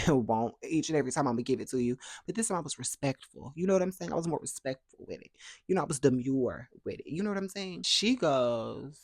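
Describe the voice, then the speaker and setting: A young man tells a personal storytime for his vlog. He is lively and jumps into playful voices for the people in his story. He is recorded close to the mic in a dry room with no echo. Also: mid-range voice, a little fast. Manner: animated, acts out other people's dialogue in playful voices. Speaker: vlogger.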